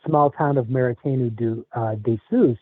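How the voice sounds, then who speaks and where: A man's voice: mid-range voice, no room sound. Guest man over tinny call audio. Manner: measured, hesitant, lots of fillers. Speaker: podcast guest. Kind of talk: casual interview, storytelling. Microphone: video call. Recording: phone-like narrow audio.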